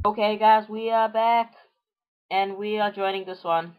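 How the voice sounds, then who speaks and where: A young man with a cough and cold, reacting excitedly as he plays a game and talks to viewers. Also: high-pitched, takes it slowly, clear, resonant tone, narrow, tinny audio. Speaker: gamer. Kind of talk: casual gameplay commentary. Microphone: built-in computer microphone. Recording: noisy built-in computer mic. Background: loud rain.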